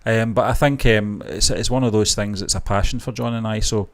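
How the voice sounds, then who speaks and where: Man, low voice, co-host of movie chat, hesitant and self-deprecating, dry close mic. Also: brisk, no room sound. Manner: hesitant, many ums and restarts, self-deprecating. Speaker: co-host of a movie news show. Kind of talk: casual live-stream chat.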